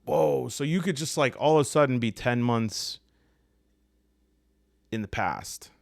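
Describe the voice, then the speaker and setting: A man's voice: medium pitch, a little slow, gravelly, no echo, studio quality. A man with a Midwestern accent walking through tabletop game rules on his own, thinking aloud and cracking jokes. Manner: rambling, joking asides, thinking aloud. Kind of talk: solo tabletop rules walkthrough.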